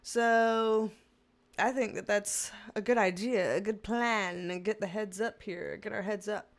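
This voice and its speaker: A woman's voice: medium pitch, steady tone, measured pace. A woman in her thirties hosting a casual livestream, reading comments and chatting with exasperated humor and frequent laughter. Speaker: tarot livestream host.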